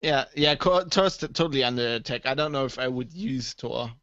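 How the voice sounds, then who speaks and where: A man co-hosting a casual tech podcast, an animated storyteller who swears and acts out the people he quotes. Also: medium pitch, a little fast, dry recording. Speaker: podcast co-host. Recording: dull, dry lo-fi sound.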